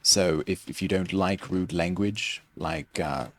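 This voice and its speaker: Slight background noise sits under a young man's low, somewhat slow voice as he streams a game. He rambles through his commentary in a jokey, self-mocking way with a mild fake British-Australian lilt.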